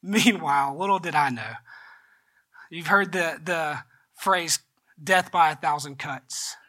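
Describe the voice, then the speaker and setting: A male pastor delivers a sermon with a bright, ringing tone. He tells a personal story, often dropping to a soft, choked-up voice before rising into earnest exhortation. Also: fairly high pitch, slow pace.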